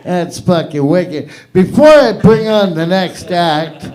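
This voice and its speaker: A man's voice: high voice, lively intonation, slow, a little mellow. A man hosting an open mic comedy night with loose, joking banter between acts. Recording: live room with audible crowd. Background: crowd.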